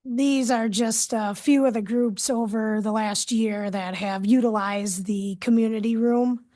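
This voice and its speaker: A woman from police department staff presenting at a city committee meeting in a conversational way, often trailing off quietly. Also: on the high side, steady tone, measured pace.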